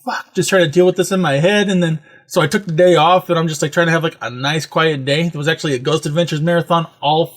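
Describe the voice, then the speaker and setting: A man's voice: on the high side, fairly even intonation, quick pace, hardly any pauses. A man hosting a podcast, telling a rambling, profane story in casual chat. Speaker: podcast host.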